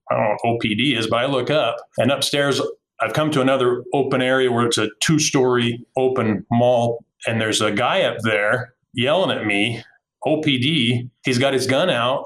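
A middle-aged police officer from Utah, telling a story vividly in a candid interview and acting out the quotes. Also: male voice, medium pitch, a bit bright, rough recording. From Utah, USA. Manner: vivid, acts out quotes from the scene.

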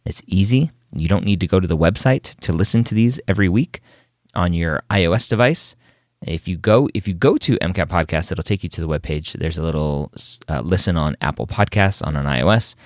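A man's voice: sits low, no room sound, clean studio sound. A man hosting a podcast, asking questions and reading a sign-off. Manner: relaxed, asks questions, brisk sign-off. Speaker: podcast host. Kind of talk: podcast interview and outro.

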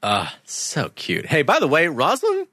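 Animated, bright-voiced male co-host, swears a lot, laughs easily, dry sound. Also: on the high side, moderate pace, breathy edge, dry recording. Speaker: podcast co-host. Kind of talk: casual chat.

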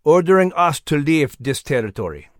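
A man's voice: on the high side, very animated, normal speed, no room sound, clean studio sound. A man voicing an earnest male officer who explains what a prisoner said, in a storybook reading.

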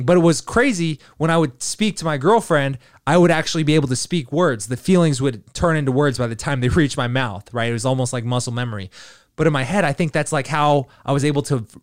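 A man's voice: a little high, fairly quick, no echo, clean studio sound. Rambling, swearing male podcast host. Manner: rambling, swears freely, many fillers. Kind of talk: casual storytelling.

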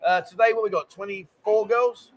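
Co-hosting a relaxed livestream while hungover, a Londoner with a London accent jokes around and reads comments from viewers in quick, chatty banter. He has a high, steady voice, and the recording's highs are cut off.

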